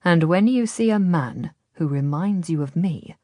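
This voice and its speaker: A woman voicing a smooth, persuasive Ottoman nobleman who speaks quietly and gently in an audiobook. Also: lowish voice, lively intonation, unhurried, no echo, studio quality. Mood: coaxing, ominous.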